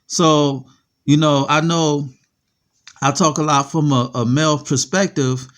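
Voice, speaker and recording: A man with a fairly high voice talks casually on his podcast, streetwise and loose. He keeps checking in with his listener as he sets up a story. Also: steady tone, unhurried. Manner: streetwise, repeats "you feel me". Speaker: podcast host. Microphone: voice message pieced into a podcast.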